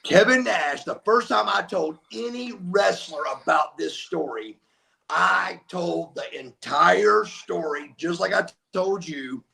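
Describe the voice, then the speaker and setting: A man's voice: high voice, lively intonation, slow, gravelly, pushed and bright. An older man, telling stories as an interview guest, emphatic and acting out what people said. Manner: emphatic, acts out quotes. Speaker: guest, former wrestler. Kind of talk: animated storytelling.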